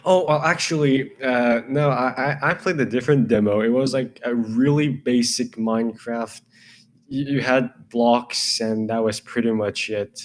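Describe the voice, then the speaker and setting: A man's voice: mid-range voice, steady tone, a little slow. A young man co-hosting a casual podcast chat, who talks eagerly, repeats himself and laughs often. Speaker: podcast co-host.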